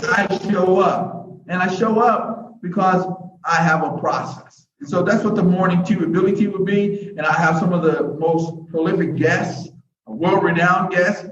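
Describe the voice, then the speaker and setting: This male interview guest shares motivational stories with a folksy, preacher-like rhythm, often starting over mid-thought. His voice sits high and a bit bright, with a little hiss or hum. The recording is dull, distant and full of echo.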